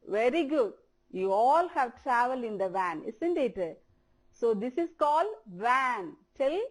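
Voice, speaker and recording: Speaking slowly for young learners, a woman teacher with an Indian English accent repeats words for children to copy during a televised primary English lesson. Her voice sits high.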